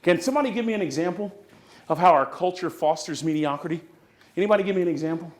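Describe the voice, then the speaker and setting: His voice sits high and he talks fast. This San Francisco Bay Area man is a motivational speaker giving a keynote at a live conference, drawing call-and-response from the audience as he preaches.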